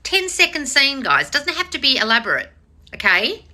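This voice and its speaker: A woman coach answers her viewers live in a very bright, lively voice that jumps up and down in pitch. She is blunt and sweary and keeps slipping into mocking voices to tease them. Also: moderate pace, slight background noise. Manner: animated, teasing, talks straight to viewers. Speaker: manifestation coach hosting a live Q&A.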